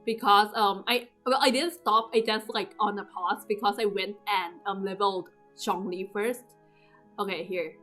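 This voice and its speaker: A young woman casually recapping her game summons, often jumping into high, loud squeals as she replays her own screaming. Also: fairly even intonation, normal speed. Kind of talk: casual excited commentary over gameplay. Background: game music.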